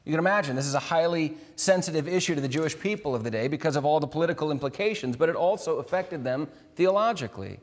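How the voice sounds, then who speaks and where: A man preaching a sermon as pastor, earnest and emphatic, repeating key words and restarting phrases now and then. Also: on the high side. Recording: long hall reverb.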